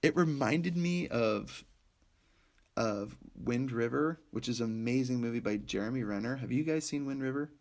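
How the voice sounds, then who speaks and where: A young man co-hosting a podcast, chatting casually and excitedly about movies, rambling and laughing often. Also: mid-range voice, moderate pace, gravelly. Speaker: podcast co-host.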